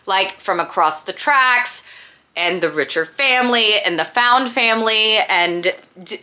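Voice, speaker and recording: A woman's voice: mid-range voice, a little slow, sharp tone. A woman chatting casually as a book vlogger, gushing and emphatic as she recommends books.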